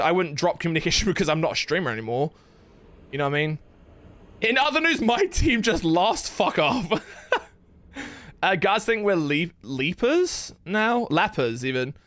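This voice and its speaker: Lively high-voiced male game streamer. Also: no room sound. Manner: rambling, swearing, quick to laugh. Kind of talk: casual live-stream chat while gaming.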